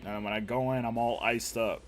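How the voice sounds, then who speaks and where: A man's voice: medium pitch, steady tone, moderate pace, a little hiss or hum. A young man streaming a game, chatting casually with viewers in a rambling, profane, opinionated way. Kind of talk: casual live-stream chat while gaming.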